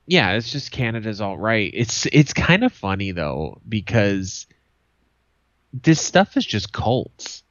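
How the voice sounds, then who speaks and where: Blunt, sarcastic low-voiced man. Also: very animated, slow, no room sound, muffled recording. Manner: blunt, sarcastic, swears often. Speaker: podcast co-host. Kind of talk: casual chat.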